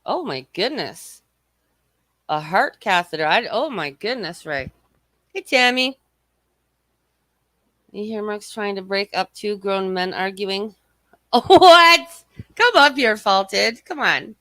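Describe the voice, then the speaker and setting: This livestream host speaks slowly with long pauses in a mid-range, animated voice that is bright and forceful, her throat a little scratchy. In a dry recording, she reads chat, swears freely, and rambles as she mocks her rivals.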